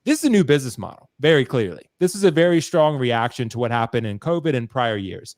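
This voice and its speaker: A man from Maryland hosts a casual livestream with a loose, laid-back delivery and plenty of swearing. His pitch rises and falls a lot as he talks. The sound is dry and close, with little room around it. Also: sing-song, fast talker, darkish tone, no room sound. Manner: laid-back, swears freely, laughs often. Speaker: livestream host.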